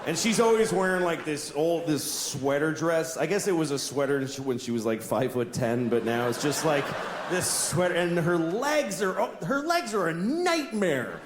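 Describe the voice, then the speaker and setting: A man's voice: fairly high pitch, animated, normal speed, background noise. A man doing stand-up comedy, telling a wry, exaggerated story on a club stage. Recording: roomy live club recording with audience. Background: audience laughter.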